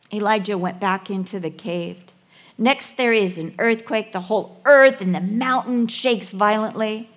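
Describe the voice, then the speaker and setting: A woman in her sixties preaching a sermon in a storytelling, playful way, sometimes dropping to a soft hush. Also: medium pitch. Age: 60s.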